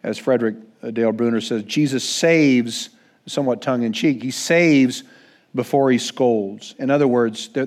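A man preaching a sermon as pastor, earnest and conversational, with frequent restarts. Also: a little high. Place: church.

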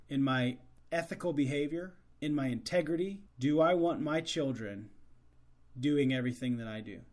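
An earnest man reflecting on a scripture verse for fathers as the host of a faith show. His voice sits somewhat high. He exhorts his listeners and asks them one pointed question after another.

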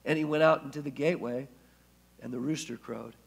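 A man's voice: medium pitch, brisk, vocal fry, breathy edge. A man preaching a sermon as pastor, telling the story and acting out the quoted speech. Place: church.

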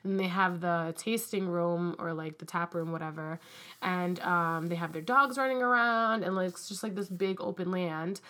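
A woman's voice: on the low side, normal speed, sharp tone. A young woman chatting casually as a podcast co-host, rambling with lots of "like" and "um". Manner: rambling, heavy use of "like" and "um". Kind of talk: casual chat.

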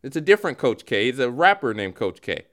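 A man hosting a comedic podcast, talking in an animated, jokey way. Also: mid-range voice, fairly quick. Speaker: host.

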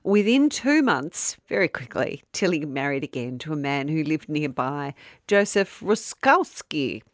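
A chatty woman hosts a casual true crime chat, wandering off track and laughing at herself. Her voice sits on the low side. The sound is close and completely dry. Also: sing-song, measured pace, no echo. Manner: chatty, rambling, loses her place, often laughs. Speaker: podcast co-host telling a true crime story.

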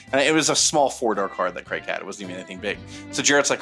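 Bright-voiced man telling rambling stories. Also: mid-range voice, racing, few pauses, soft background music. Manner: rambling, animated, many fillers. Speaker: podcast co-host telling stories. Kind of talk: casual storytelling chat.

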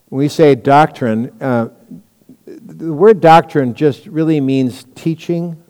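A man preaches to his congregation in a relaxed, conversational way, slipping in stories and asides as he teaches. His voice is mellow and warm. The sound carries a long reverb from a large church hall. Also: fairly high pitch, slow, smooth. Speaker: pastor. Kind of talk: sermon, Bible teaching.

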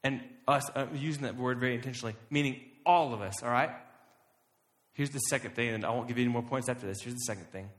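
A young man preaching a casual sermon, talking conversationally and stretching key words slowly for emphasis. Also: mid-range voice. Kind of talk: casual sermon to a live audience. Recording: long hall reverb.

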